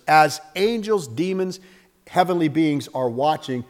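A man preaching a sermon with lots of energy, acting out little scenes and jumping up and down in pitch and loudness. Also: a little slow, in a large hall. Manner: animated, acts out little scenes with sudden jumps in pitch and volume. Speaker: pastor.

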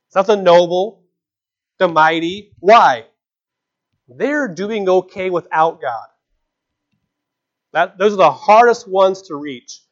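A man's voice: high voice, takes it slowly, long pauses. A man preaching a sermon in an earnest, conversational way, with frequent rhetorical questions, in a dull lo-fi recording.

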